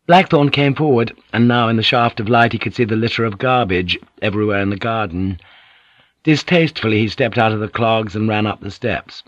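A man narrating an audiobook in a measured, descriptive reading. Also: lowish voice, dry recording, dull audio. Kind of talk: scripted narration.

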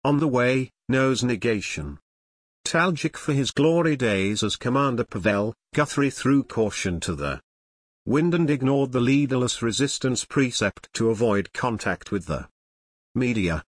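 Male narrator for a true-crime book: measured and expressive, with a lively rise and fall, recorded dry. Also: mid-range voice, slightly rough, dry recording.

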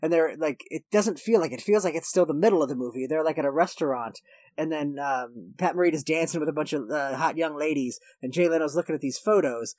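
A man co-hosting a casual movie podcast, his voice sitting a touch higher than most men's. He rambles and corrects himself as he recaps the plot. The recording is dry and close, with no room sound. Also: brisk, darkish tone, dry recording. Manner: rambling, self-correcting, laughs while recapping. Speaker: podcast co-host.

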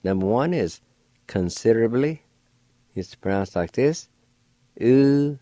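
A man teaching a spelling and pronunciation lesson, slow and careful, repeating each word. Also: fairly low pitch, lively intonation, warm tone, no echo. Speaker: language teacher and radio host.

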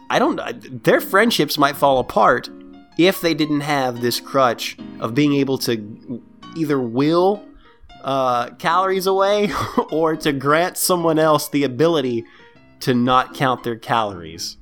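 A man co-hosting a casual podcast, sarcastic and animated, laughing often as he talks. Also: a little high, measured pace, faint music behind. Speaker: podcast co-host.

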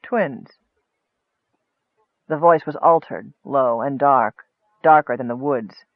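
A man giving steady, expressive scripted narration of a fantasy novel. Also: medium pitch, unhurried, dry recording. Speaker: audiobook narrator. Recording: tinny phone-like dry sound.

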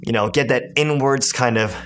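A man casually teaching a beatboxing technique step by step. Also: lowish voice. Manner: explains step by step with demo sounds. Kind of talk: casual tutorial.

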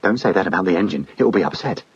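A man voicing a troubled adult man who swings from yelling to hushed whispers. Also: deep voice, lively intonation, very fast, breathy edge, highs cut off, full character voice. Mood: soothing.

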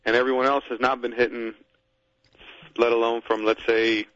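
A man's voice: medium pitch, level tone, normal speed, a bit bright, dry recording, muffled recording. A man speaking as a guest on a sports radio show, blunt and plainspoken in casual talk.

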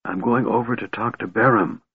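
A man voicing a small, curious, excitable kender who talks fast and stammers when frightened. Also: mid-range voice, slightly rough. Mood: hushed, eager. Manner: quick, eager, stammers when scared. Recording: tinny narrow-band recording.

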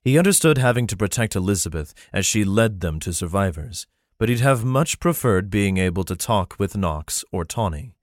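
A man narrating a fantasy novel in a steady, even storytelling manner. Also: lowish voice, moderate pace, no echo, studio quality. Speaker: audiobook narrator.

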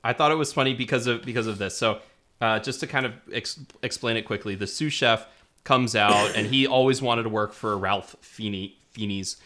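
Bright-voiced young man reviewing films. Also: on the low side. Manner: rambling, laughs often, quick asides. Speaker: podcast co-host. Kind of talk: casual film review chat.

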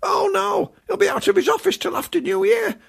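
A man voicing a fussy, officious middle-aged male showbiz agent in a comic radio act, with a high-pitched, gravelly voice. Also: animated, a little fast, exaggerated voice. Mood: indignant. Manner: indignant, prim and officious. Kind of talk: comic radio character acting.

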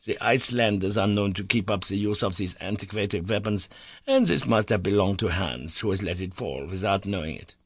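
A man's voice: lowish voice, moderate pace, slightly rough, dry recording, clean studio sound. A man voicing a stern, learned older professor who lectures in a cold, decided tone.

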